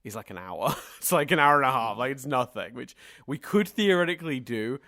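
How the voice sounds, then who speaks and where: A man's voice: medium pitch, animated, a little fast, sharp tone, dry recording, clean studio sound. A man co-hosting a podcast, talking in long, rambling sentences in a casual discussion. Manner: chatty and rambling, talks in long winding sentences. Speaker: podcast co-host.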